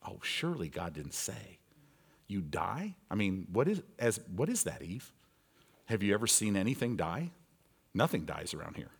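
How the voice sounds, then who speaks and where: A sly male devil acted out by a preacher taunts in a dropped, hushed voice. He sounds low and sneering, a tempter murmuring doubts. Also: sing-song, normal speed, gravelly, husky, exaggerated voice.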